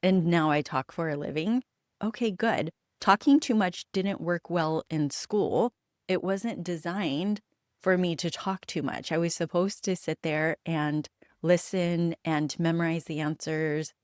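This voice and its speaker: A woman from the United States talks alone into the mic, her voice sitting on the low side and recorded dry with almost no room sound. She tells stories candidly and reflectively, with pauses between thoughts. She swears without hesitation to drive her points home. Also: dry recording. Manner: candid and emphatic, swears freely; reflective storytelling with frequent pauses. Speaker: podcast host. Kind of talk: solo podcast monologue.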